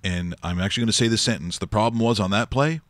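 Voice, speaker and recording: A man's voice: lowish voice, fast, fairly bright tone, no room sound. A man hosting a sports talk show, joking and rambling in casual studio banter. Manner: jokey, rambling, with frequent restarts and laughs. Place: radio studio.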